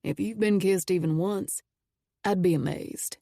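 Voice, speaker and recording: A woman voicing an easygoing young man who coaches and teases a girl, in a lower, relaxed drawl, in an audiobook reading. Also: a little slow, creaky, dry recording, clean studio sound. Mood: teasing. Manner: relaxed, low teasing drawl.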